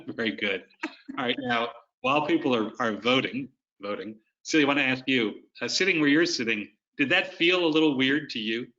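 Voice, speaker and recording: Bright-voiced man presenting a webinar. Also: medium pitch, animated, moderate pace. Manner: coaching, explains with demonstrations. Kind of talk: instructional webinar talk. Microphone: video call. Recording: dull lo-fi video-call audio.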